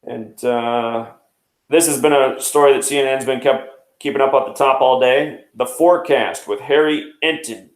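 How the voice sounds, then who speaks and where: A man in his thirties hosts a news commentary show, reeling off one number after another in a rapid, explaining manner. His voice sits at a middle pitch. The recording has a noticeably echoey room sound. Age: 30s. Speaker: host.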